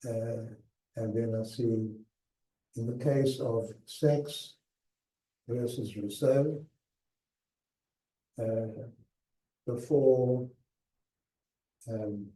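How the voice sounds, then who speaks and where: An older man recounting his own past in a slow, emphatic talk with hushed pauses, heard from a distance in an echoey lecture hall. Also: mid-range voice, a little hiss or hum. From South Africa. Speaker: guest speaker. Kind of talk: personal memoir talk.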